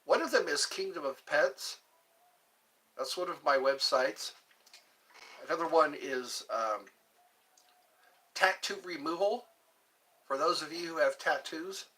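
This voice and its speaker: Slow, lively, bright-voiced male streamer. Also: on the high side. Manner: rambling, chatting with viewers. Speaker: livestream host. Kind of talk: casual livestream chat.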